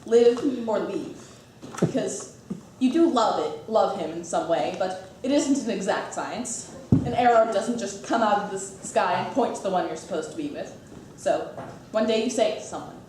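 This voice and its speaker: A woman's voice: mid-range voice, lively intonation, moderate pace, recorded from a distance, noisy background, lightly acted. Woman doing a confiding rambly narrator on stage, super echoey, heard from way back. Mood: rueful. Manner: confiding, rambling asides to the audience. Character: reclusive musical-loving narrator, wistful and chatty. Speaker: stage actor. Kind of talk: stage musical acting. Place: theater stage.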